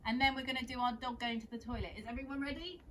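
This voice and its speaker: A young woman leads a children's yoga session in a gentle, encouraging way. Her voice sits slightly high. A faint hum of background noise runs underneath. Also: steady tone, rapid-fire. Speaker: kids yoga teacher. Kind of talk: guiding a children's yoga class.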